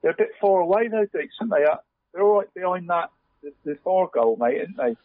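A man's voice: sits high, expressive, quick pace, no room sound. Rambling man on a phone line. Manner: rambling, fills almost every phrase with "mate". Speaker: podcast co-host. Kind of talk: casual chat. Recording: tinny dry phone line.

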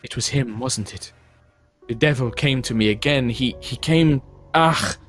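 Man doing a scared young noblewoman, high voice, halting, stammering, tabletop game. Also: lively intonation, faint music behind. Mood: distraught. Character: frightened young noblewoman haunted by a vampire. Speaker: game master voicing a character.

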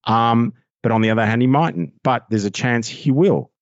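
A man with an Australian accent, a voiceover artist chatting as a podcast guest, excitable and rambling, often laughing at himself. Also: mid-range voice, normal speed, dry recording, muffled recording. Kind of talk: casual podcast chat.

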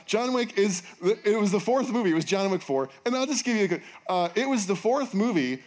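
Animated joking male pastor. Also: high voice, fairly quick, hardly any pauses. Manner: animated, jokey, acts out quotes in raised voice. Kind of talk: sermon with storytelling.

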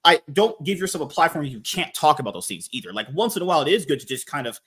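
A man's voice: a little high, big pitch swings, fast talker, a bit bright, husky. A man hosting a podcast in casual chat, rambling and swearing freely. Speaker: podcast host.

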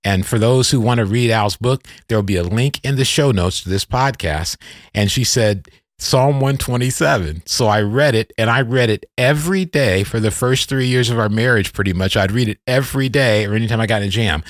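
A middle-aged man speaks fairly quickly in a fairly low voice while hosting a podcast, recorded in clean studio sound with no echo. Reflective and conversational, he self-corrects as he recounts a personal story and then interviews his guest.

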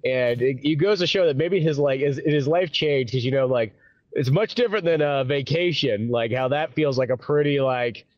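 A young man co-hosts a casual podcast, feeling his way through thoughts with lots of fillers. His mic sounds dry and a little muffled, with a middle-pitched voice. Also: moderate pace, darkish tone, dry recording. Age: young adult. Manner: hesitant, many fillers, laughs along. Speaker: podcast co-host. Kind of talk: casual chat.

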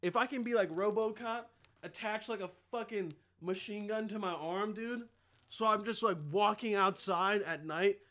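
Young dude ranting on his podcast, high bright voice, swears a ton, rambles all over and yells out bits. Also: normal speed. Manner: rambling, profane, full of filler; animated, bursts into yelled impressions. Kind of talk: casual comedic rant.

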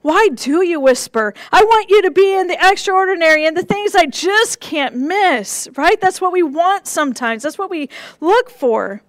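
A woman pastor delivering a sermon in a gentle, measured way, with rhythmic repeated phrases and soft drops for emphasis. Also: very high-pitched, lively intonation, no room sound.

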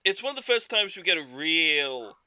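A man's voice: a little high, very animated, normal speed, bright, forceful tone, no room sound. A man co-hosting a podcast, talking enthusiastically about films in a casual way. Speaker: podcast co-host. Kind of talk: casual film discussion.

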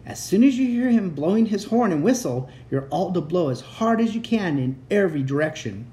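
A man's voice: high-pitched, sing-song, a little fast, dark tone, voice pushed up. A man voicing a brave young boy who leads a dragon escape, giving urgent orders. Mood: commanding. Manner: urgent, commanding.

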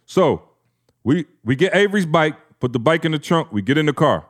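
A man's voice: on the high side, expressive, a little fast. A man in his thirties, a podcast co-host, telling a family story in casual slang and acting out the quotes.

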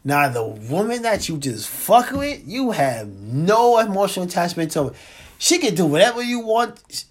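A man co-hosting a podcast in casual chat, slangy and laid-back, repeating points slowly for emphasis. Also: sits high, big pitch swings. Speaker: podcast co-host.

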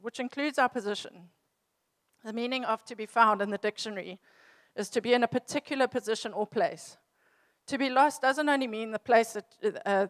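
A woman giving a short reflective sermon and asking the listeners questions. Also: mid-range voice.

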